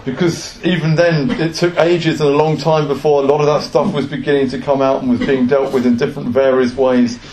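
A man's voice: mid-range voice, flat delivery, fairly quick, hardly any pauses, darkish tone, slight background noise. A male preacher giving an earnest sermon, asking the congregation rhetorical questions. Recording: echoey room.

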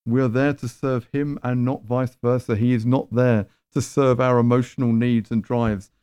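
A man's voice: medium pitch, steady tone, moderate pace, warm tone, clear, resonant tone, no room sound, clean studio sound. A man preaching a sermon in a conversational, emphatic way, with rhetorical questions.

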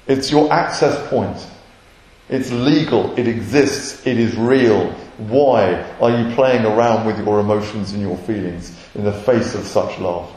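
A man's voice: on the low side, unhurried, a little mellow. A man, a messianic rabbi, preaching an earnest sermon and acting out short quotes. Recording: roomy echoey hall.

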